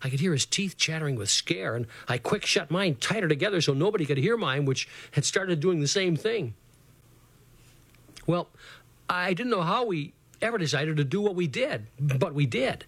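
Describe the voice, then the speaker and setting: Guy reading a kids adventure story, kinda high voice, dry sound. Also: fairly bright tone, breathy edge, no room sound.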